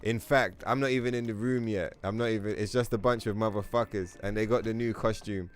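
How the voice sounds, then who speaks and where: A man hosts a game livestream with casual, profane, mocking commentary, speaking briskly in a steady, lowish voice. Music plays in the background.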